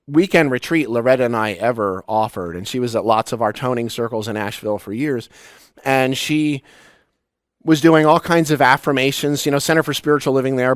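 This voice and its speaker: A man in his forties, a spiritual teacher, giving a reflective talk with personal stories, halting and restarting as he goes. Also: medium pitch, smooth, no echo, studio quality. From United States. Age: 40s. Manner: personal, storytelling with pauses and restarts.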